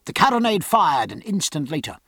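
A man narrating an audiobook in a measured, dramatic reading. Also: a little high, big pitch swings, gravelly, bright, forceful tone, no room sound, clean studio sound.

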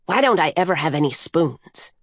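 A coyote spirit in a woman's shape, earthy, crude and carefree, tossing out blunt, playful remarks, as a woman narrator puts her on. She sounds a little higher and looser than the narration around her, and the audiobook recording is close and dry. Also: expressive, normal speed, no echo. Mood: offhand.

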